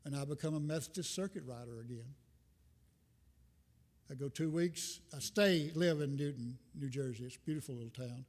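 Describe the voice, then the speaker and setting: A man's voice: medium pitch, moderate pace, darkish tone. An older man giving a rambling, folksy sermon as a visiting minister, with self-deprecating humor. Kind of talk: informal sermon. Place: church sanctuary. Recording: long reverb from a church hall.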